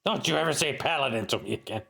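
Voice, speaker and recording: A man's voice: mid-range voice, fast talker, creaky, pushed and bright. A man streaming a retro adventure game, reading its text aloud and making playful asides.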